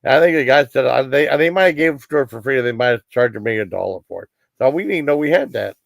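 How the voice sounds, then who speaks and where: Male streamer, gravelly mid-pitched voice, loose rambling movie recap, dry close mic. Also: lively intonation, very fast, no echo. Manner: rambling, full of fillers and quoted lines. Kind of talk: casual livestream movie recap.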